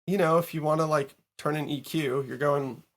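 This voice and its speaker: A man with a slightly higher voice, chatting as a guest on a podcast. He tells his story in a loose, animated way, with plenty of fillers and some swearing. He is recorded on a studio mic in his home recording studio. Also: moderate pace. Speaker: guest music producer and mix engineer. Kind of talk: casual interview chat.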